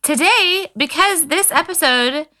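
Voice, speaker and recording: A woman in her thirties co-hosts a chatty podcast with a lively, swooping delivery. Her tone is bright and forward, and she leaps into high, playful voices whenever she quotes someone. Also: measured pace. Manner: animated storyteller, jumps into high voices when quoting. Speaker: podcast co-host. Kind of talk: casual chat.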